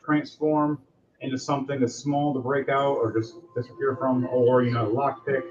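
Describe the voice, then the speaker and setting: A man's voice: mid-range voice, little pitch movement, normal speed. A man narrating as game master, with loose, rambling descriptions. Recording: dull lo-fi audio, faint music.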